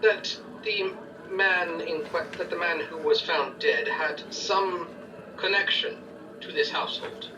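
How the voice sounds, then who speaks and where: A man's voice: a little high, fairly even intonation, takes it slowly. A man playing a courteous noble adventurer in a tabletop game, speaking formally and at length. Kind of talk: tabletop role-play. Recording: distant mic with noise.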